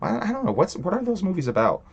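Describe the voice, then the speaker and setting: A man's voice: sits high, wildly swooping pitch, fast, vocal fry, slightly rough, dull audio. A man hosting a livestream, ranting in a casual, rambling way, swearing a lot and laughing between thoughts. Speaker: stream host.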